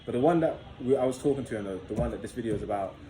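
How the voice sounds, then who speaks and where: A young man spins a long personal story for his viewers, relaxed and rambling, swearing freely. His voice is mellow and dark-toned. The room rings with echo and a faint hiss sits underneath. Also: medium pitch, racing. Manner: loose, profane, filler-heavy storytelling. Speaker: vlogger. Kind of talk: casual storytelling to camera. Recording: echoey room with faint background noise.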